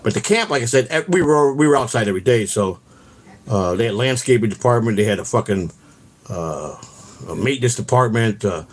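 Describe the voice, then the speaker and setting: Husky, animated man rambling casually. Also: a little fast. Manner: loose, profane and rambling, animated pitch. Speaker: channel host. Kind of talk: casual live-stream chat.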